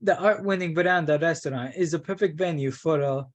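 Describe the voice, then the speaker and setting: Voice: mid-range voice, fairly quick. A workshop participant reads a travel brochure aloud, stumbling now and then and breaking off for self-mocking asides.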